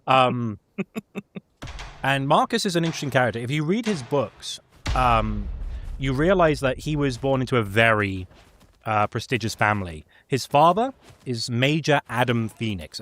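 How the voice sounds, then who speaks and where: A man's voice: medium pitch, fairly bright tone. A man casually recapping a video game's story in a chatty way, with many fillers. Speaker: gaming lore presenter. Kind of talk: casual lore recap chat.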